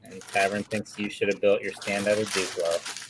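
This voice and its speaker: A man's voice: lowish voice, level tone, moderate pace, crowd noise, low-quality recording. A man hosting a casual live stream, welcoming viewers and reading out chat comments. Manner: friendly, welcoming, reads out chat. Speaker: stream host.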